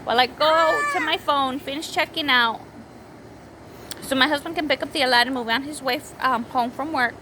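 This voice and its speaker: A woman's voice: high voice, brisk, bright, forceful tone, slight background noise, rough recording. A woman in her thirties telling a story about her week at home, rambling and correcting herself, with children heard nearby. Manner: rambling, self-correcting, breaks off to scold kids. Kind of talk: casual storytelling vlog. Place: home with small children around.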